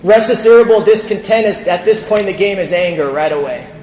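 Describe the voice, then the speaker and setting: A man's voice: sits high, lively intonation, quick pace, a little mellow, slight background noise. A man from California telling his recovery story to a convention audience, candid, with quoted voices acted out. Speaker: recovery speaker. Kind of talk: personal recovery talk at a convention. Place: large convention hall. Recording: echoey hall with long reverb.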